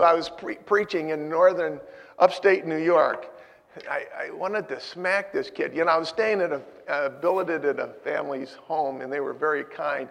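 A man preaching a sermon, telling stories and moving from loud urging to hushed asides. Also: on the high side, normal speed, gravelly. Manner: storytelling, swinging from loud exhortation to hushed asides. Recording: hall with long reverb.

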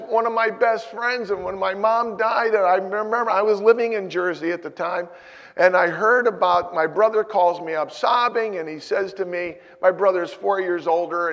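A male pastor with a high-sitting voice preaches a sermon, shifting between emphatic points and quiet personal stories. The recording has the sound of a big room.

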